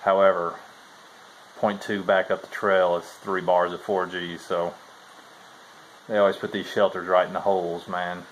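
A man's voice: sits low, flat delivery, normal speed, long pauses, slight background noise, rough recording. Laid-back man vlogging from the trail. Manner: laid-back Southern-style talk with "y'all". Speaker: thru-hiker vlogger. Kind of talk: casual vlog chat. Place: outdoors at a forest trail shelter.

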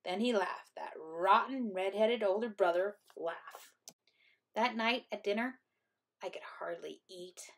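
A woman teacher reading a picture book aloud to third graders in a gentle, expressive way. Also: medium pitch, slow pace.

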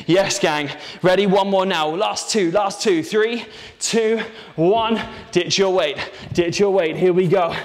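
Energetic male workout coach, echoing room. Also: high-pitched. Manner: energetic, encouraging, counts reps aloud. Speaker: fitness instructor. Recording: roomy with long reverb.

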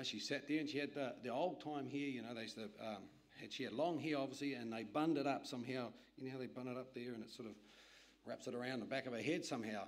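Man preaching, literature evangelist, anecdotal, conversational asides, mid pitch. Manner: lively anecdotal storytelling with asides to the audience. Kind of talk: storytelling sermon.

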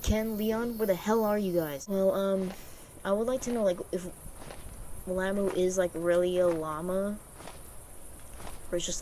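A woman's voice: on the low side, darkish tone, slight background noise. A young woman streaming a horror game, swearing freely, rambling and gasping at scares. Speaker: gaming streamer. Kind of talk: horror game playthrough commentary.

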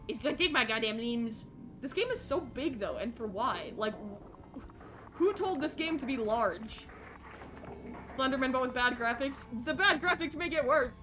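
Jumpy young woman streaming horror games. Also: sits high. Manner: jumpy, shrieks when scared, reads dialogue softly. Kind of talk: live horror game commentary.

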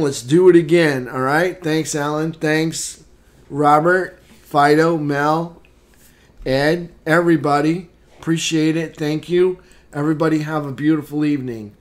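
Slow-talking man walking through charts. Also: on the high side. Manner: unhurried, plain chart commentary with fillers. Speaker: trading room host. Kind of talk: live market recap walkthrough.

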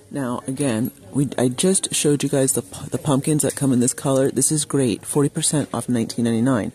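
A shopping vlogger with a warm, medium-pitched voice chats casually and enthusiastically as he strolls through a large craft store. He reads prices aloud into a handheld phone in a shop-with-me walkthrough.

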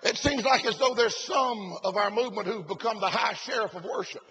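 A man preaching a sermon at a conference, breaking into shouted lines and "bless God" asides. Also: high-pitched, brisk, a little hiss or hum. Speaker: pastor. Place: conference hall.

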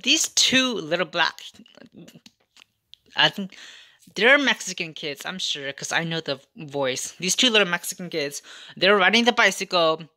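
A woman's voice: fairly low pitch, expressive, a little slow, long pauses, bright, forceful tone. A woman talking straight to camera in a rambling couponing storytime vlog, sassy and repetitive, often circling back over her own words. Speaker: couponing vlogger.

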